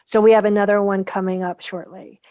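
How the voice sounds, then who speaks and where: A woman speaks as a guest in a relaxed interview, her voice at a middle pitch. She tells her story with energy and acts out what people said to her. The sound is dry and close, with no room around it. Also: fairly quick, no room sound. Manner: animated storyteller acting out quoted dialogue. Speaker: guest, founder of a coaching method.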